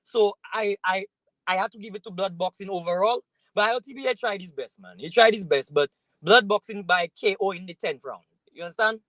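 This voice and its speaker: A man calling into a podcast, laying out a measured argument before giving his verdict. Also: sits high, fairly bright tone, no echo, rough recording. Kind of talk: casual call-in commentary.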